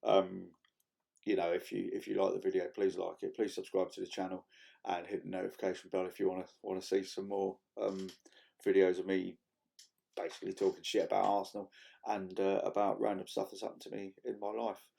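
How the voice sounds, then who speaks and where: A man, rambling casually to camera in a vlog, swearing freely and filling pauses with ums and restarts. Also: sits low, flat delivery, vocal fry, dark tone. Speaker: vlogger.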